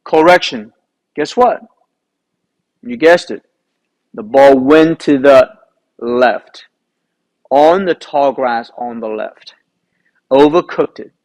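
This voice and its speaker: A man, a golf instructor, recounting a round in an animated storytelling way, asking himself rhetorical questions. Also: mid-range voice, slow, pauses often, low-quality recording. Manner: animated, rhetorical questions, re-enacts his own thoughts.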